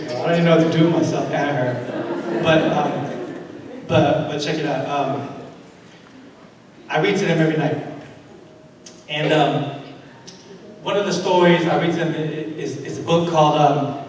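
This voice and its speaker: A man's voice: a little high, steady tone, moderate pace, long pauses, distant mic. Earnest man speaking in an echoey hall. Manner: conversational and earnest, many fillers, building to rhetorical questions. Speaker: invited speaker and educator. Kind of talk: conference talk with storytelling.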